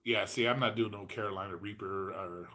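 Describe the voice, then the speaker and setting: A man's voice: lowish voice, steady tone, brisk, bright, forceful tone. A man in his forties hosting a casual livestream chat, telling rambling, profane stories. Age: 40s. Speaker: host.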